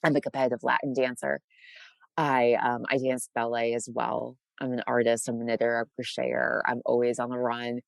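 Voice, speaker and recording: A woman from Massachusetts with a faint local accent, chatting as the guest in an interview, bubbly and quick to laugh, with many restarts. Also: very deep voice, little pitch movement, gravelly, no room sound. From Massachusetts, USA. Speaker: author guest. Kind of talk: casual interview chat.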